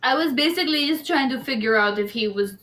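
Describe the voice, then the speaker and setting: Bright, curious woman player. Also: high-pitched, animated, quick pace, soft background music. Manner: curious, direct. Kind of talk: tabletop role-play chat.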